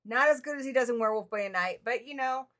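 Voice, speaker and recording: A woman co-hosting a live horror movie review, giving quick background with wry, sarcastic asides. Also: a little high, a bit bright.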